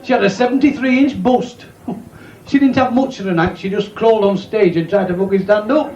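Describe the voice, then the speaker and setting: A man's voice: very high voice, highs cut off. A man telling crude jokes and bantering cheekily with the crowd at a club. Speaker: club comedian. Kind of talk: bawdy stand-up joke telling. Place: pub or working men's club. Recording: echoey live club recording with loud crowd noise.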